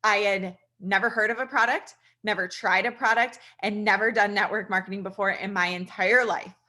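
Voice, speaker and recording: A registered nurse in her thirties tells her personal story as a casual testimonial to an audience. Her mid-range voice is steady, bright, and forceful, at a normal speed. She's earnest and chatty, calling her listeners "you guys."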